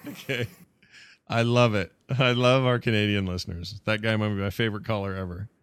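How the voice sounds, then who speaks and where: A man hosting a podcast, chatting casually in a joking, rambling way with quick asides. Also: on the low side, steady tone, a bit bright, clean tone, no room sound. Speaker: podcast host. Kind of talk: casual chat.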